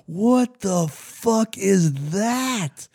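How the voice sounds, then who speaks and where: A man's voice: high voice, animated, extremely slow, vocal fry, husky, pitched above the performer's own voice, exaggerated voice. A man imitating a barking, profane drill sergeant. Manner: yelling, mocking, sweary.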